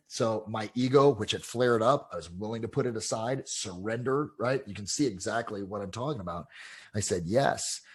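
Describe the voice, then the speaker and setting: Husky-voiced man telling coaching stories. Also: lowish voice. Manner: casual, animated anecdotes with many fillers. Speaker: real estate coach. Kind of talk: interview storytelling.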